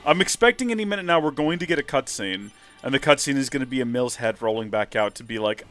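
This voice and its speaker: A man's voice: medium pitch, lively intonation, fast, few pauses, a bit bright. A man hosting a live game stream, chatting and joking about himself as he plays. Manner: chatty, joking, self-deprecating. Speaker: host, gamer.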